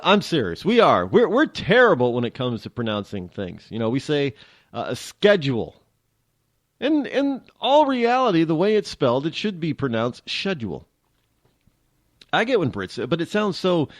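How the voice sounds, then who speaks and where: A man's voice: on the high side, dry recording, clean studio sound. A man from New hosting a radio show, talking in a rambling, joking way that keeps interrupting itself. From New England. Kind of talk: casual talk radio monologue.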